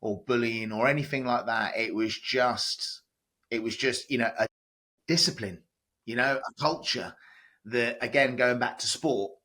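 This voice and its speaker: A chatty man tells stories as a podcast guest, his voice bright and forceful. He talks loosely, full of fillers and restarts. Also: medium pitch, a little slow. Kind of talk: casual podcast interview.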